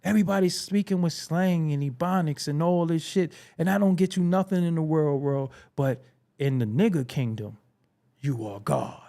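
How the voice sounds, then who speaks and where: A man's voice: fairly high pitch, steady tone, moderate pace, warm tone. A man from Brooklyn with a Brooklyn accent, hosting a casual commentary monologue in a blunt, preachy way, swearing freely. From Brooklyn, New York. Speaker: show host.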